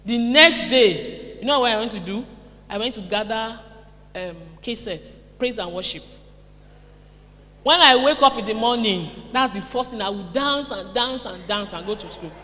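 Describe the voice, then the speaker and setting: A Nigerian woman giving a lively motivational conference talk, calling out to her audience. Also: a little high, moderate pace. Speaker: seminar speaker. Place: conference hall. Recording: echoey hall.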